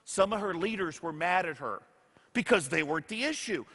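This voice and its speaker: A motivational speaker with a high, slightly bright voice addresses an audience, animated and at normal speed. He tells stories and plays out the quoted dialogue of people he met, and the hall he's in is echoey.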